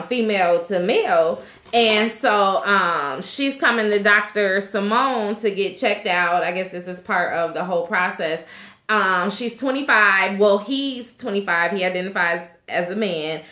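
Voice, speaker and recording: A woman chats through a reality TV recap in a loose, candid way, swearing freely and laughing at what she describes. Her voice is bright and sits a little high. The room around her rings with echo. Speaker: reality TV reviewer. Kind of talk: casual recap vlog.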